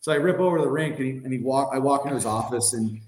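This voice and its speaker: A man's voice: medium pitch, rapid-fire, darkish tone, reverberant, slight background noise. A man in his thirties, a podcast guest and former hockey player, telling a long story in a rambling, filler-heavy way. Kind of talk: casual anecdote telling.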